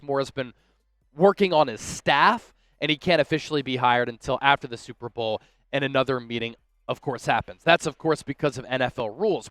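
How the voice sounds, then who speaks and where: An upbeat young man hosts a sports news show with keen fan excitement. His voice sits a touch high for a man. The sound is dry and close, with hardly any room. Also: smooth, no room sound. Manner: upbeat, enthusiastic fan talk. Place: on location at a big sports event.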